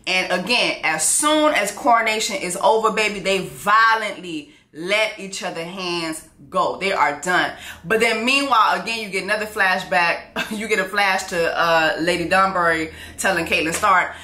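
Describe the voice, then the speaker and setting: A woman recapping a TV show in a casual, comedic way, full of slang, who acts out characters in high voices. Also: moderate pace, bright, forceful tone, reverberant.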